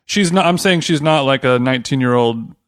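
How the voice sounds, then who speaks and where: A man co-hosting a podcast, tossing out sarcastic, quick-witted jokes in casual banter. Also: mid-range voice, fairly bright tone, no room sound, clean studio sound. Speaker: podcast co-host.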